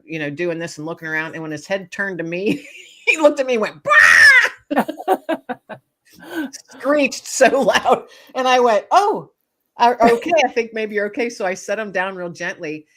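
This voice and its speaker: A woman author, a guest on an interview show, telling animated stories with plenty of laughter and acted-out voices. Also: fairly low pitch. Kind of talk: casual storytelling interview.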